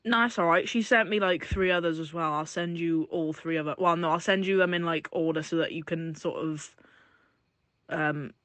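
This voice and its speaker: A man's voice: a little high, steady tone, normal speed, bright, forceful tone, no room sound. A man chatting casually, rambling a bit as he explains. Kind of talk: casual chat.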